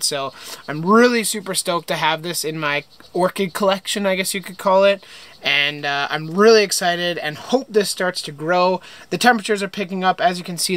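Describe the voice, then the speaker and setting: A man's voice: high voice, fairly bright tone, smooth. Chatty, upbeat young man. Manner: enthusiastic, chatty, frequent fillers and restarts. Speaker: greenhouse vlogger. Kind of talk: casual plant tour. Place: home greenhouse.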